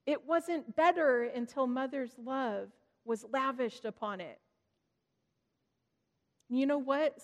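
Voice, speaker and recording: A woman with a fairly high voice reads an earnest, reflective devotional message. She talks steadily and puts a gentle stress on key words. Her voice carries a long reverb, as if the recording was made in a hall. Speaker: devotional speaker. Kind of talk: reflective sermon reading.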